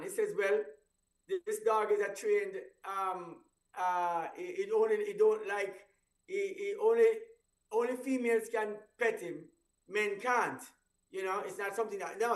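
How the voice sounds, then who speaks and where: High-voiced man rambling on breakfast radio. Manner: rambling, stumbling restarts, laughing at own story. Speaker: radio show host. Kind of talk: casual radio chat. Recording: roomy echo, voice far from mic.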